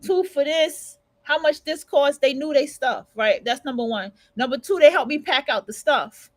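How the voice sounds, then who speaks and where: A woman hosts a casual livestream and rants bluntly, swearing freely and hammering each point home. Her voice sits high. The sound is close and dry. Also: lively intonation, moderate pace, no room sound, rough recording. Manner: blunt, profane, emphatic ranting. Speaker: livestream radio host.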